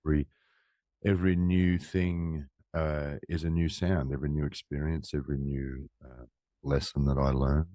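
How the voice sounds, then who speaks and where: A man's voice: rumbling low, little pitch movement, normal speed, warm tone, no echo, clean studio sound. A middle-aged Australian man in casual conversation, talking reflectively and loosely with many restarts. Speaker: musician guest and co-host.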